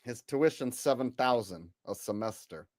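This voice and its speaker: A man's voice: mid-range voice, animated, moderate pace, darkish tone, no room sound. A man hosting a commentary video, talking in a crude, sarcastic, profane way. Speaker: commentary host. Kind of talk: mocking commentary.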